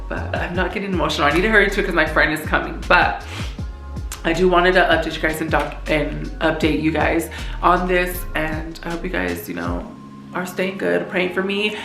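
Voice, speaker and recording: A woman's voice: on the low side, lively intonation, normal speed. A young woman vlogger giving a casual, candid Q and A update, talking in a chatty, slangy way. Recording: echoey room with music playing.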